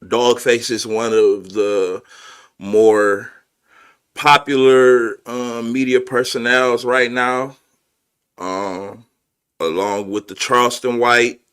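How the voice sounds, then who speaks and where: A man's voice: medium pitch, fairly even intonation, takes it slowly, fairly bright tone, smooth. A man hosting a podcast, commenting casually and emphatically, speaking to his viewers and swearing freely. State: emotional. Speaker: podcast host.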